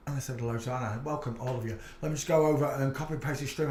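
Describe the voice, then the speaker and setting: A man's voice: mid-range voice, normal speed, roomy sound. A man hosting a casual livestream, greeting viewers by name and muttering to himself as he sets up. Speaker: livestream host.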